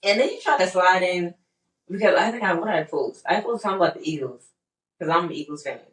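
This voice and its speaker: A woman's voice: fairly low pitch, expressive, fast. A young woman with a Charleston accent swings her voice up and down as she acts out her own reactions and ribs her partner. She sits a bit back from the microphone in a roomy, echoing space. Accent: Charleston, South Carolina. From Charleston, South Carolina. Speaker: podcast co-host. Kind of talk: casual chat. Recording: roomy sound, distant from mic.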